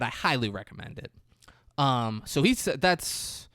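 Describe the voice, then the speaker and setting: A man's voice: animated, moderate pace, fairly bright tone, no room sound, clean studio sound. A man co-hosting a podcast, rambling through a movie plot in casual, profane chat and acting out the characters' lines. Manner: rambling, profane, acts out quotes with big pitch jumps. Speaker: podcast co-host.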